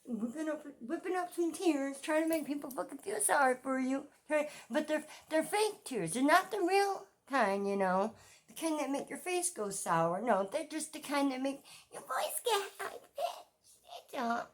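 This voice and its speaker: A woman's voice: sits high, expressive, normal speed. A middle-aged woman giving a ranting commentary vlog, swearing often and repeating her points with emphasis. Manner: profane, repetitive and emphatic. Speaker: true-crime commentary vlogger.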